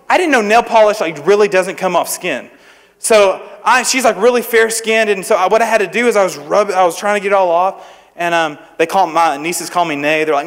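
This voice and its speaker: Youth preacher, young man, high voice, chatty and joking with students, church hall with a long echo. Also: a little fast, fairly bright tone. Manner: conversational, humorous, asks the crowd questions. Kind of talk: sermon to students. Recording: echoey hall with long reverb.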